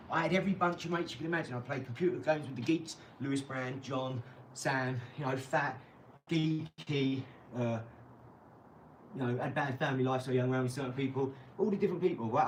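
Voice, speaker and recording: A man's voice: mid-range voice, a little hiss or hum. A man ranting on a live stream, blunt, boastful and rambling. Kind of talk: casual live-stream rant. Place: garage. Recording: echoey garage, mic far off.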